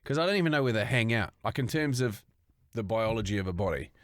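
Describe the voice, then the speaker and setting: A man's voice: fairly low pitch, expressive, fast, no echo, clean studio sound. A man co-hosting a podcast, telling a crude story with lots of swearing and laughter. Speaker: podcast co-host. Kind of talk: casual storytelling chat.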